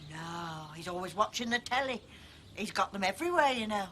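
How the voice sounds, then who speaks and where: An actress giving a vague, chatty mum from an old tv police drama. her voice swings up and down and sounds bright and lively, and it rambles on with guileless asides. faint soundtrack noise runs underneath. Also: medium pitch, fairly quick, natural voice. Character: vague, chatty older mother, house-proud. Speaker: householder questioned by police. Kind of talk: 1980s television police drama.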